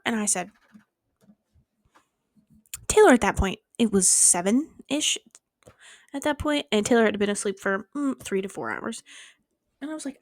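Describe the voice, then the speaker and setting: Animated young woman telling a story in a dry bedroom. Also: normal speed, long pauses, dry recording. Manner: animated, swearing, acting out quotes with big pitch jumps. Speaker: vlogger. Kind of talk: casual storytime vlog.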